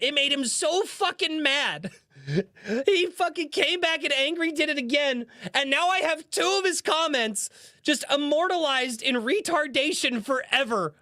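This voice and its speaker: Giggly, profane man with a lively voice. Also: very high-pitched, normal speed, no room sound, studio quality. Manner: laughs often, swears freely, amused and mocking. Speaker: streamer reading viewer comments. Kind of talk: casual live-stream chat.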